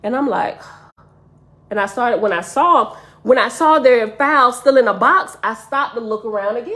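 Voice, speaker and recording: A woman's voice: a little high, lively intonation, moderate pace, sharp tone. A woman telling a dream story to her listeners in an earnest, emotional way, speaking to them directly.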